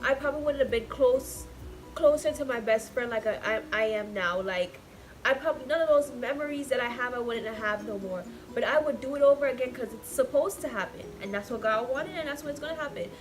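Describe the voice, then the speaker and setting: A woman in her twenties venting in a casual vlog, talking emotionally and swinging between loud and soft. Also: a little high, a little fast, faint music behind. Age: 20s. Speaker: vlogger.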